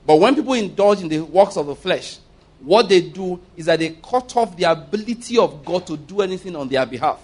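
Male preacher, higher register, emphatic sermon delivery, calls for amens. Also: lively intonation, brisk, darkish tone. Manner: emphatic, asks the congregation for amens, laughs mid-point.

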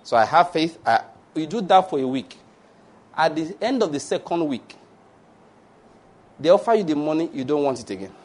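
A male pastor, preaching a lively sermon that ends in prayer and blessings. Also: on the high side, moderate pace, long pauses. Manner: lively preaching, laughs at his own stories, call-and-response blessings.

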